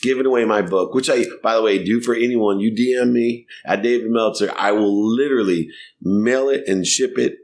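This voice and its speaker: Deep-voiced man telling animated stories. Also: normal speed. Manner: animated, laughing storyteller. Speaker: guest, sports marketing executive. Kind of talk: storytelling in a podcast interview.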